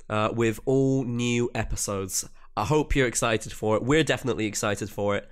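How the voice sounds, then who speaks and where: A man's voice: mid-range voice, normal speed, hardly any pauses, smooth. A young man co-hosting a podcast in casual chat, rambling and restarting his sentences. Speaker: podcast co-host.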